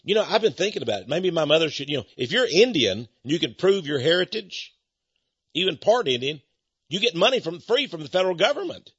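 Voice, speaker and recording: A man's voice: on the high side, sing-song, fairly quick, fairly bright tone, breathy edge, dry recording, muffled recording. A middle-aged man hosting a rambling talk-radio monologue in a folksy, confiding way, chuckling between points.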